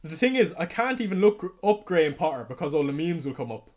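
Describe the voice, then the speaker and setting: A young Irish man chats on a live stream in a fairly high voice. He talks casually and excitably, swears freely and laughs often. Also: quick pace. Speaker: fantasy football streamer. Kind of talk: casual livestream commentary.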